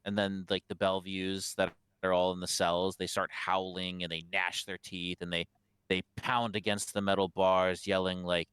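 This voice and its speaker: A man's voice: low voice, level tone, moderate pace, a bit bright, clean tone, no room sound. A man running a tabletop game as game master, narrating in a casual, loose way.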